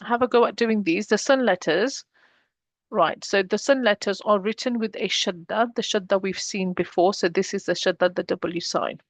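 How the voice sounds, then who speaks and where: A woman teaching a beginner Arabic lesson, patient and explanatory, slowing down to model each word. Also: mid-range voice, no echo. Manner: patient, slows down to model pronunciation.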